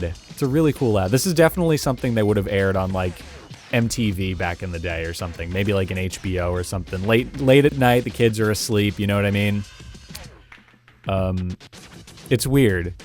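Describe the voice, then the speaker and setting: A man's voice: lowish voice, darkish tone. A man hosting a casual reaction video, thinking aloud about old game commercials with chuckles and filler words. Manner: casual and thinking aloud, with frequent "like" and "you know"; chuckles between remarks. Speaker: host. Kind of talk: reacting to and analyzing retro game ads.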